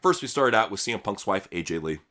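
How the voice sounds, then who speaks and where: Podcast host, man, bright animated voice, crude mocking banter. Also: lowish voice, fast talker. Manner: crude, mocking, laughs often. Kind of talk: casual wrestling news chat.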